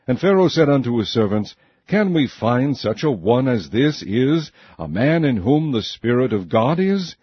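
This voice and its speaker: Husky man reading scripture solemnly. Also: mid-range voice, sing-song, measured pace, no room sound. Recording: dull, muffled sound.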